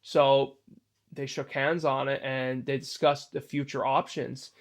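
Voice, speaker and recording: A man's voice: medium pitch, little pitch movement, unhurried. A man, host of his own channel, telling a creepy story in a loose, rambling way full of fillers and restarts. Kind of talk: casual spoken storytelling.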